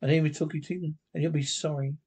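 Creepy talking doll as a man reads it, husky and flat, for a radio play. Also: fairly high pitch, fast talker. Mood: menacing. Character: sinister talking doll, small girl toy.

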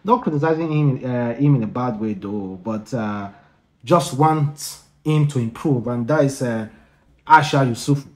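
Man, mid-pitched, casual news vlogger. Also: unhurried. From Nigeria. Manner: chatty, with frequent uh fillers. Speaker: YouTube news host. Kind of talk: casual vlog commentary.

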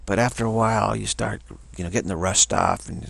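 A middle-aged man gives a motivational talk on his practice, driving his points home by saying them twice. His voice sits fairly low and carries a husky, gravelly grain. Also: steady tone, a little fast, a bit bright. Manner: emphatic, repeats phrases for stress. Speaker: teacher of a self-development practice.

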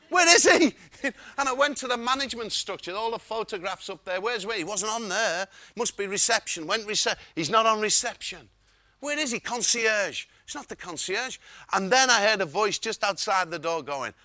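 A man giving a storytelling keynote talk, lively and chuckling as he goes. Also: sits high, dry recording. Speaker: keynote speaker.

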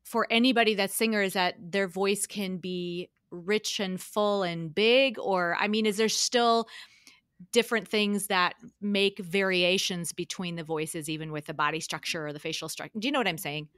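A woman, a lyric mezzo-soprano who hosts the interview, asking long questions while thinking out loud. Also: mid-range voice, fairly even intonation, normal speed, dry recording, clean studio sound. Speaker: host, interviewer.

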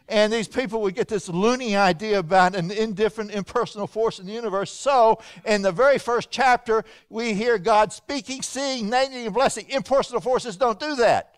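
A man who is a pastor, giving an evening Bible lecture to his church in a folksy, animated way, swinging from loud to hushed. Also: high-pitched, clean tone, no echo. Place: church hall.

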